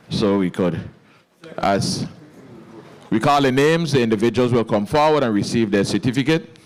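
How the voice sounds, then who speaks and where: A man with a Virgin Islands accent speaks formally as legislative secretary, calling people forward. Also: fairly low pitch. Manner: formal, procedural. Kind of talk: formal procedure.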